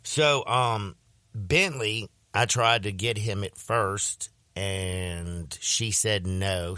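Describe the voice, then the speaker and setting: A man hosting a sports radio show, telling a story in a casual, animated way and slipping into voices when he quotes people. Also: lowish voice, extremely slow, smooth, no room sound.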